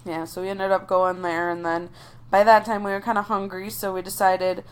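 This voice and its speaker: A woman's voice: medium pitch, level tone, moderate pace, smooth. A young woman co-hosting a podcast, telling a travel story in casual chat, with many "like" fillers. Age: young adult. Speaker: podcast co-host.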